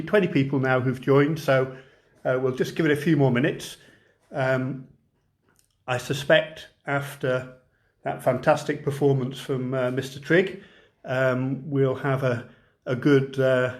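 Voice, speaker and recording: A man hosting an online gathering over a video call, talking hesitantly with many fillers before reciting a comic poem. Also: medium pitch. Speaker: storyteller at an online event.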